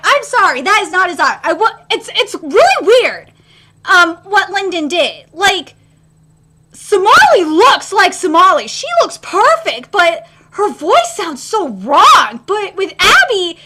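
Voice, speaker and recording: This is a live anime reaction by an excitable young woman who swears without restraint. She lurches from shrill squeals down to quiet grumbles.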